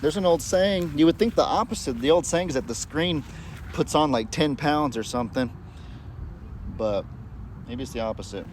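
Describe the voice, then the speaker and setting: A man's voice: a little high, lively intonation, normal speed, slight background noise. Chatty man livestreaming from a farm. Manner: chatty, rambling, talks to animals in a sing-song pet voice. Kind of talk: casual live-stream chat. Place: outdoors on a farm among animals. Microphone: handheld phone camera.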